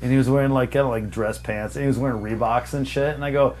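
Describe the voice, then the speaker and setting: A man's voice: medium pitch, fairly even intonation, fast, a little mellow, a little hiss or hum. A young adult man hosting a podcast, telling stories in a rambling, mocking way with plenty of swearing. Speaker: podcast host. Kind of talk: casual storytelling chat.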